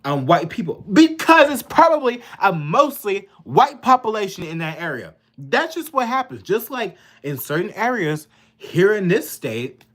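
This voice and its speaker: A man rants about politics in a heated, profane voice. His pitch swings widely, leaping up when he gets worked up and dropping low when he mutters. He repeats himself as the anger builds. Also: sing-song, measured pace, fairly bright tone. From Kentucky, US. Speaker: political vlogger. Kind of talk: angry political rant.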